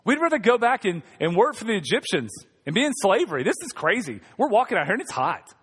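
A man's voice: high voice, big pitch swings, quick pace, a bit bright, husky, heavily acted. A male pastor acting out grumbling, complaining desert wanderers in a whiny, exasperated voice.

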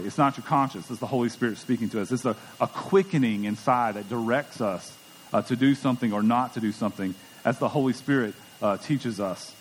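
A man's voice: medium pitch, a little fast, a little hiss or hum. A middle-aged man preaching a sermon as pastor, conversational and emphatic, often repeating words as he goes. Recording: long church hall reverb.

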